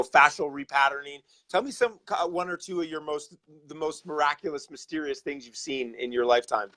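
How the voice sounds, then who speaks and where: A man hosting an interview, asking his guest questions in a halting way with frequent pauses. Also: on the high side, a bit bright. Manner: halting, with many "uh" fillers and restarts. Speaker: interview host. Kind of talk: conversational interview.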